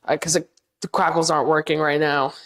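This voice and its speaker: A woman with a low, fairly bright voice talks a little fast with a flat delivery as she paints a wall on stream. Chatting casually with her audience, she rambles and restarts a lot, laughing easily at her own expense.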